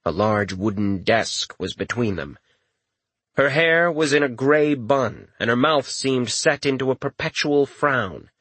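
A man narrating a fantasy story in a wry, expressive reading. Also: medium pitch, measured pace, breathy edge, no room sound. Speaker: audiobook narrator. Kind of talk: scripted narration.

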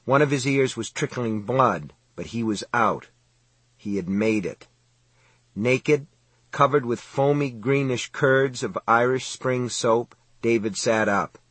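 A man reads a novel aloud in a measured, dramatic way. His voice is husky, and the recording is close and dry with no room sound. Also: mid-range voice, no room sound. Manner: steady, measured, dramatic reading. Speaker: audiobook narrator. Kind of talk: scripted narration.

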